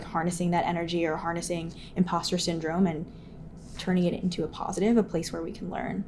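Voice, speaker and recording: Expressive young woman host. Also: lowish voice, slight background noise. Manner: expressive, laughs easily, frequent backchannel. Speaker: podcast host. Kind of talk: casual interview chat.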